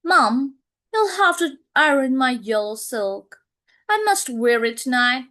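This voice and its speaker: Bossy spoiled young daughter read by a woman, slow and raised. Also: sits high, expressive, a bit bright, voice pushed up, exaggerated voice. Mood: demanding. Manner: petulant, bossy.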